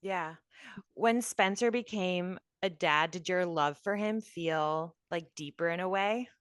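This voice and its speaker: A woman co-hosts a podcast, and her voice sits on the low side. Her recording is dry and close. She murmurs agreement and asks questions in a warm way. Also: slow pace, clean tone, dry recording. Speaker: podcast co-host. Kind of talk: conversational interview.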